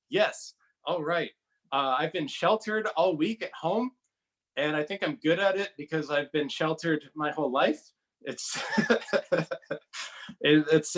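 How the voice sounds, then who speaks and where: Man from southern california, stand-up comic, self-deprecating, chuckling, slightly high voice, video call from home. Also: fairly bright tone. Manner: laughing at his own jokes, loose and casual. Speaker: stand-up comedian.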